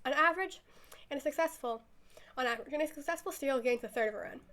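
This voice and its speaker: Earnest, lecturing nerdy teen girl from a game, high and bright, read by a woman. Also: fast. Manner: matter-of-fact, lecturing.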